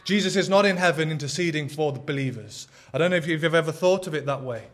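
A man's voice: on the high side, quick pace. A man preaching a sermon in an earnest, emphatic way. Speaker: pastor.

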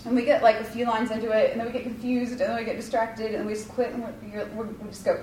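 A fairly high-voiced woman gives a casual devotional talk, rambling warmly through likes and ums with a self-deprecating touch. She sits back from the mic in a roomy, echoey space, with a faint hum of ambience behind her. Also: fast talker, distant mic. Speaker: Bible study leader.

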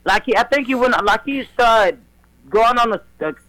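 A man, co-hosting a casual podcast and telling a story in a rambling, halting way. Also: very high-pitched, lively intonation, bright, forceful tone, poor audio.

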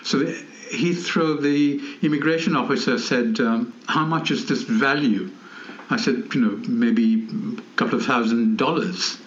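A man's voice: medium pitch, measured pace. Older man telling stories. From India, Calcutta. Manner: chuckling raconteur, many ums and you-knows. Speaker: veteran foreign correspondent. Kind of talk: anecdotal storytelling in an interview. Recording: roomy, slightly dull recording.

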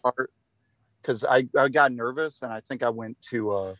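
Male guest, mid-pitch, casual, foul-mouthed and self-mocking, dry close sound. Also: moderate pace, fairly bright tone, no room sound. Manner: profane, rambling, self-deprecating. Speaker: podcast guest, musician in a band. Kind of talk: casual podcast chat.

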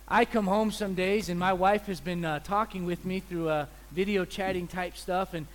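A visiting preacher, a man giving a sermon in an animated, joking way, acting out little scenes. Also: sits high, moderate pace. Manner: animated, joking, acts out voices.

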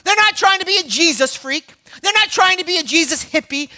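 A man in his thirties preaching a sermon, animated and storytelling, swinging between loud emphasis and hushed asides. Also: very high voice, a little fast. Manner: repeats words, storytelling. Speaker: pastor.

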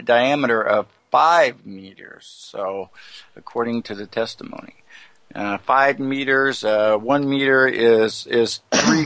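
A man co-hosting a casual talk radio show, reading out news items haltingly with many fillers and restarts. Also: mid-range voice, a bit bright, no room sound.

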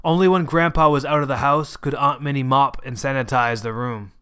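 A man's voice: medium pitch, fairly even intonation, a little fast, few pauses, a bit bright, clear, resonant tone. A man reading a short story aloud as its narrator. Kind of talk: scripted narration.

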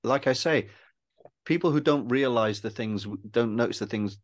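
A man, a film director and guest, talking in a casual interview, rambling and self-deprecating, halting and restarting often. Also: medium pitch. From Wales.

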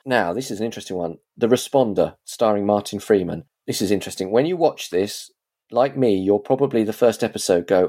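Man, low mellow voice, chatty reviewer who rambles and restarts. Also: fairly quick. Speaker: reviewer of TV series. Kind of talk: casual chat.

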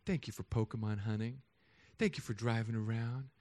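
A man's voice: lowish voice, fairly even intonation, normal speed, a little mellow, no room sound, voice pushed down, close to an everyday voice. A man voicing his small children as they sweetly thank their dad.

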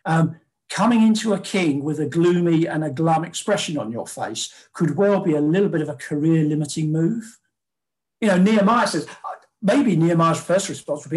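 A man's voice: on the high side, expressive, moderate pace, a little mellow. A man preaching a sermon in a conversational way, with fillers and acted-out quotes.

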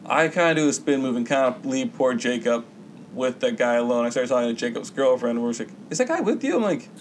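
A man's voice: medium pitch, fairly even intonation, fast, poor audio. Male podcast co-host, loose profane storyteller, acts out quoted lines, light background hiss. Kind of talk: casual storytelling chat.

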